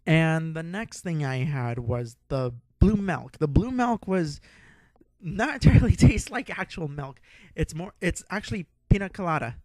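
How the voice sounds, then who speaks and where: Young man, podcast host, rambling and excitable, raised pitch, dry close sound. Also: a little slow, no room sound. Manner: rambling and excitable, swears, laughs often. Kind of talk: casual storytelling.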